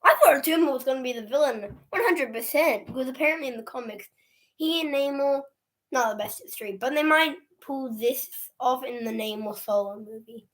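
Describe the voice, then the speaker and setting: A woman's voice: high voice, a little fast, fairly bright tone. A woman casually recapping a movie on a livestream, chatty and laughing often as she acts out the characters' lines. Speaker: movie reviewer.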